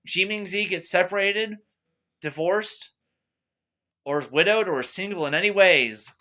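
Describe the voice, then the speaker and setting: A young man rambling boastfully in a monologue to camera, excitable and repeating himself. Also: sits high, unhurried. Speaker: vlogger.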